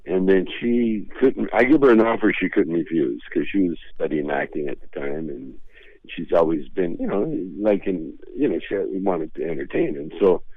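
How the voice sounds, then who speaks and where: A man's voice: low-pitched, animated, normal speed, husky, dry recording, phone-quality sound. An older man, a comedian, telling rambling, laid-back stories as a radio interview guest, often restarting his sentences. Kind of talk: casual storytelling.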